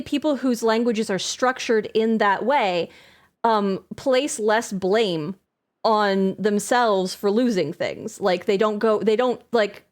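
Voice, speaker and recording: A woman streaming a game live, chatting casually in a rambling, enthusiastic way, full of filler words and self-corrections, laughing often. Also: mid-range voice.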